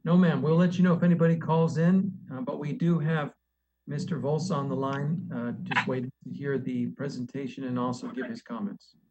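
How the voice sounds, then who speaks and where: A man's voice: medium pitch, steady tone, moderate pace. A polite man from city staff walks a board through meeting procedure, often restarting his sentences. His voice comes through dull, lo-fi meeting audio with a faint hiss underneath. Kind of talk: virtual public meeting presentation.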